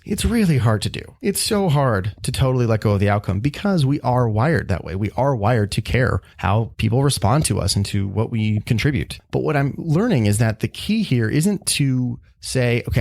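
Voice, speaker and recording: Low-ish gravelly guy musing on his podcast, earnest, dry close sound. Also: darkish tone, no room sound. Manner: thoughtful, earnest, self-reflective. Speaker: podcast host. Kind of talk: reflective solo podcast monologue.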